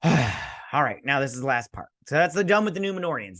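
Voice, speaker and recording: A man's voice: mid-range voice, sing-song, a little fast, a bit bright, dry recording. Male host, casual rambling review, sarcastic asides, dry close sound, mid-range voice. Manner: rambling, sarcastic, acts out characters. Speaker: show host reviewing a TV episode.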